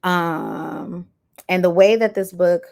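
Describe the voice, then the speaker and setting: A woman's voice: lowish voice, steady tone, slow, vocal fry, darkish tone. A woman giving a pick-a-card tarot reading, reading oracle messages aloud and breaking into playful, chatty asides to her viewers. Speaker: tarot reader.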